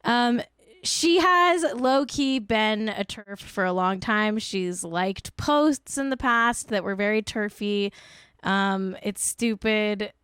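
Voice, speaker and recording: A woman's voice: medium pitch, slow, fairly bright tone, clear, resonant tone, dry recording, studio quality. Blunt, profane woman host ranting. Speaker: podcast host. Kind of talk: casual commentary show.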